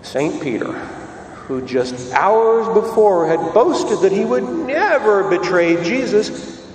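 A man's voice: sits high, expressive, slow, a little mellow, slight background noise. A man preaching a sermon, telling the story dramatically and asking rhetorical questions. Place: church. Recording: echoey hall, distant mic, faint ambience.

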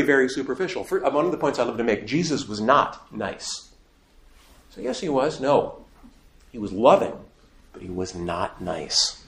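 A man teaching a faith class to a live audience, emphatic and asking the room questions. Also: medium pitch. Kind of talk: lively classroom lecture. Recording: echoey room.

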